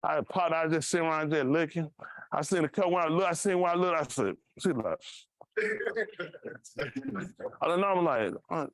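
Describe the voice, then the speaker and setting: Man, pastor, high voice, lively storyteller, dry close sound. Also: normal speed, pauses often, dry recording. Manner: animated, acts out voices in his stories. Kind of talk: casual storytelling sermon.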